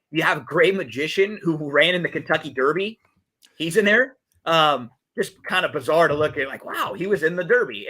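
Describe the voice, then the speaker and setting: On a podcast setup, a male co-host chats casually about race and game picks, full of fillers and restarts. His voice is fairly high, bright and forceful.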